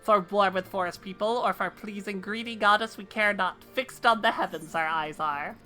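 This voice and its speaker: A woman's voice: mid-range voice, normal speed, bright, forceful tone, soft background music, lightly acted. A woman reading as a bird-man with backwards speech. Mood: earnest. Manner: speaks in inverted, broken word order. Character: gruff male bird-man of a clan of crafters. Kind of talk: reading game dialogue aloud in character.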